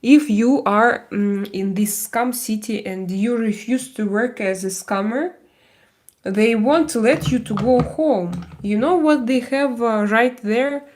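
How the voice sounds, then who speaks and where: Doing her makeup at home on a livestream, a woman chats loosely with her viewers, rambling with lots of fillers and restarts and slipping into mock-Spanish bits. Her voice is a little high and a little mellow, and she takes her time.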